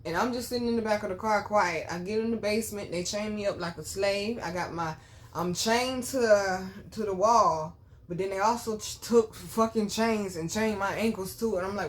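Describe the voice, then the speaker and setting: A woman vlogger telling her own story to viewers, blunt and full of swearing, dropping to low murmurs and then bursting out loud. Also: moderate pace, a little hiss or hum. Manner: blunt, profane, animated storytelling. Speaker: spiritual reader and vlogger. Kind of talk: candid storytime chat to viewers.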